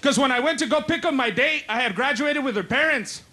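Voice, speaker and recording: High-voiced comic, bright tone. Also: male voice, a little hiss or hum. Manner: punchy storytelling, acting out relatives and cops in quick voices. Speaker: stand-up comedian. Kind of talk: stand-up comedy set. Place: live comedy stage.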